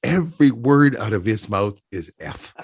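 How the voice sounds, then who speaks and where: Middle-aged guest, Texas-raised, swooping animated voice, loose anecdotal storytelling with lots of chuckles. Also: male voice, medium pitch, a little slow, breathy edge. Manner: rambling anecdotes, frequent laughter, restarts. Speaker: podcast guest, trapper. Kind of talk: casual storytelling chat.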